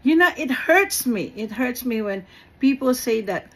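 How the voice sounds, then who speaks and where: Filipino woman, slow husky delivery, earnest faith talk, casual Taglish. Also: fairly high pitch, rough recording. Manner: mixes in Tagalog phrases, earnest and animated; laughs between phrases. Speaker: faith speaker. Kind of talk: informal spiritual talk.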